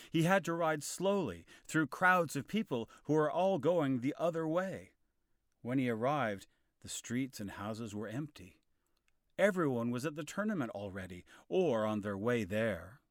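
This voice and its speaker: A man narrating a storybook in a clear, expressive style. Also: medium pitch, dry recording, clean studio sound.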